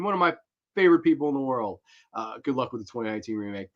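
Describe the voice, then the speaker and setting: A young man hosts a horror movie review livestream, talking at a quick pace in a mid-range voice. He rambles in slangy fashion, reading chat aloud and answering viewers casually over dull lo-fi stream audio.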